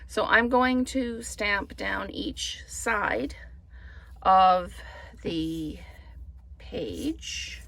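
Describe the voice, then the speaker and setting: A woman's voice: mid-range voice, extremely slow, vocal fry, fairly bright tone, slight background noise. A woman chatting through a card-making tutorial, thinking aloud as she works. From Canada. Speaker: papercraft demonstrator.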